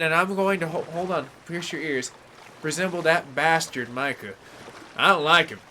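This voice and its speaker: A man's voice: high voice, normal speed, bright, forceful tone, slight background noise. Chatty man streaming a game. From San Francisco Bay Area, California. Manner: rambling, chatty, greets chat viewers by name, frequent "like" and "um". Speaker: gaming livestreamer. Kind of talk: casual live gameplay commentary.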